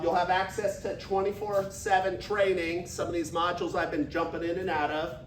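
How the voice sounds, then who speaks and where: A man in his fifties giving an energetic, folksy motivational talk to a business audience, leading them in call-and-response. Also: high voice, slight background noise. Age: 50s. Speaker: business speaker. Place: large echoey meeting room. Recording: echoey room recorded from far off.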